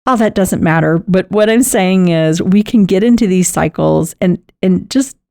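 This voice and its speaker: Gravelly-voiced woman chatting. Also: fairly low pitch, normal speed, no echo, studio quality. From Texas. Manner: chatty, animated, laughs often. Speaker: podcast host and caregiver. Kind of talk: casual personal storytelling.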